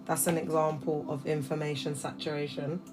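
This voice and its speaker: A woman's voice: sits low, level tone, moderate pace, music in the background. A woman in her thirties hosting a casual livestream from her phone, talking emphatically and addressing viewers directly. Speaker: livestream host.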